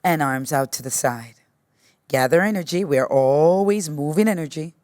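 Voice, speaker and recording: A woman teacher guiding a yoga class with patient, gently encouraging step-by-step cues. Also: deep voice, dry recording, clean studio sound. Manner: slow, patient step-by-step cueing. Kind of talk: guided yoga class instruction.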